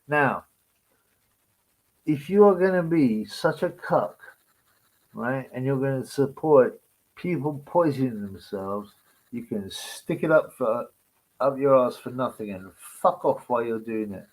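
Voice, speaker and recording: A man's voice: medium pitch, lively intonation, unhurried, poor audio. A man hosting a live stream, ranting in a crude, mocking, rambling way. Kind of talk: casual live-stream rant.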